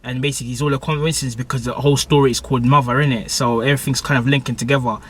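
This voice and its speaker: A young man recapping a TV episode in a casual, excitable way, full of slang, fillers and restarts. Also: mid-range voice, rapid-fire, husky. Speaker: TV show reviewer.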